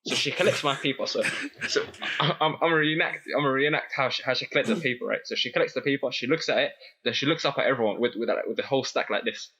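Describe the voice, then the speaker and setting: A man's voice: medium pitch, quick pace, slight background noise. Young man telling a story. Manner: animated, laughing, many restarts. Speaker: guest. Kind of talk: casual storytelling chat.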